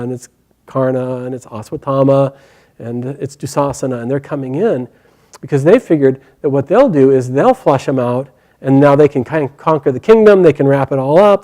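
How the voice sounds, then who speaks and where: Mellow, animated male storyteller. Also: mid-range voice. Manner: animated, lively retelling with fillers. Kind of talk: oral storytelling.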